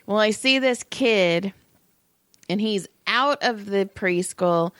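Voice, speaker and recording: A woman's voice: mid-range voice, slow, clean tone, dry recording, clean studio sound. A middle-aged woman co-hosting a podcast, telling stories with lots of swearing and acting out the people she quotes. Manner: profane, animated storytelling with put-on quoted voices. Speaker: podcast co-host. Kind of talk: casual chat.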